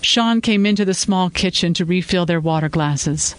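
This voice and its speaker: Brief: male narrator for a fiction podcast, slightly higher voice, measured and even. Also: clean tone, poor audio.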